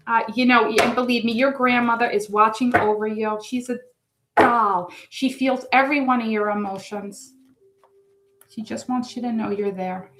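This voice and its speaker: A woman giving a live tarot reading, chatting in a rambling, emotional, effusive way. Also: on the high side. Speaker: tarot reader. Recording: echoey room.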